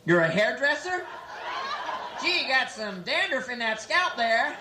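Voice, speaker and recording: A man's voice: very high-pitched, sing-song, measured pace. A man in his twenties from San Francisco doing stand-up comedy, playfully teasing the audience in a nightclub. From San Francisco, USA. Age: 20s. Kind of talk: stand-up comedy with crowd work. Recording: echoey club, loud crowd and noise.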